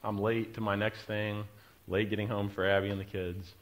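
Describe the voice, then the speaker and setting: A middle-aged man, preaching a sermon and telling a story, moving from quiet, confiding asides to loud, driving emphasis. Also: fairly low pitch, flat delivery, normal speed. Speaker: pastor.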